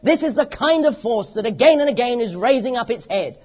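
On a dull lo-fi recording, a British-accented preacher speaks briskly in an expressive, medium-pitched voice. His sermon is impassioned and emphatic, built on repetitive rhetoric.

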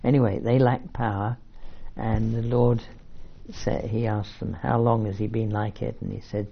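Gravelly-voiced man teaching from scripture. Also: lowish voice, level tone, normal speed. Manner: reads scripture aloud and comments, with fillers and asides. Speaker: preacher. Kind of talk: bible teaching. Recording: muffled lo-fi recording.

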